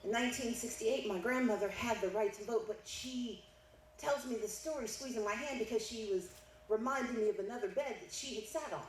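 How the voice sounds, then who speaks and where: A middle-aged woman delivers a banquet keynote, moving through a family story and rising into emphatic declarations. Her voice sits a little high. She was recorded from a distance in an echoey hall, with faint noise underneath. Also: fairly quick. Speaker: keynote speaker.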